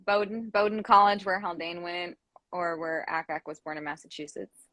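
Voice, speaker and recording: A woman's voice: lowish voice, normal speed, fairly bright tone, no echo. A woman hosting a history podcast interview, asking follow-up questions and laughing often. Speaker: podcast host. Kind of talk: casual interview chat.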